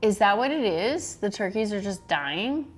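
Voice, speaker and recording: A woman's voice: medium pitch, expressive, normal speed, faint music behind. A woman hosting a casual cooking livestream, chatty and giggly, swearing offhandedly as she chops vegetables. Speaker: livestream host.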